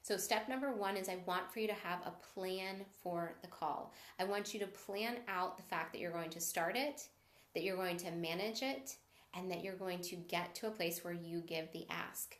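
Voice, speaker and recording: A woman's voice: fairly low pitch, normal speed, echoey room. A woman sales coach giving a live-stream training, upbeat and encouraging, stopping to greet viewers as she teaches.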